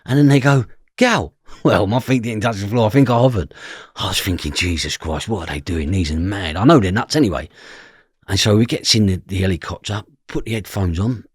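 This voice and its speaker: An East Londoner with a husky voice on the low side talks fairly quickly, sharing stories from his past as a podcast guest and acting out others' voices. The studio sound is clean, with no echo.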